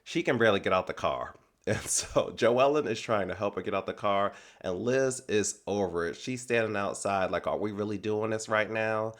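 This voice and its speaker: A man, recapping a reality TV episode in a chatty, animated storytelling style. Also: on the low side, normal speed. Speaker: recap host.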